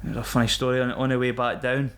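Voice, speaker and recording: Scottish ex-Marine guest, mid-pitched, rowdy storyteller who swears and laughs a lot. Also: male voice, level tone, racing, a bit bright. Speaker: podcast guest, former Royal Marine. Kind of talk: casual storytelling.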